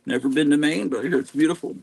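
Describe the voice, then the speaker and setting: A man's voice: fairly high pitch, racing, gravelly, darkish tone, slightly rough, rough recording. A man hosting a live stream from home, chatting in a rambling, self-deprecating way among his comic books. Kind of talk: casual live-stream chat. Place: home room stacked with comics.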